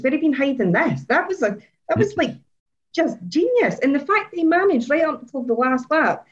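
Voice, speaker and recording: A woman chatting excitedly on a podcast, gushing and laughing often. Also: high-pitched, dull audio. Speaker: podcast co-host. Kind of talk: casual chat about motor racing.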